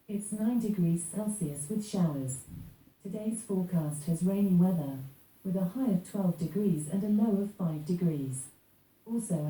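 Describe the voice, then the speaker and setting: A very mellow female voice assistant replies politely and evenly, giving facts in a measured way. Her voice sits a little low, and she is heard from across a room with a clear echo. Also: far from the mic. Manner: even, polite, informative. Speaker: smart speaker assistant.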